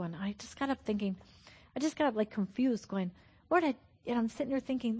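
Woman, preacher, sermon, earnest and emphatic, high-pitched, breathy. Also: brisk, darkish tone.

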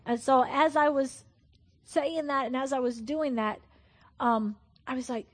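A woman's voice: high-pitched, steady tone, a little slow. A woman preaching a sermon in a fervent, earnest way, repeating her points for emphasis.

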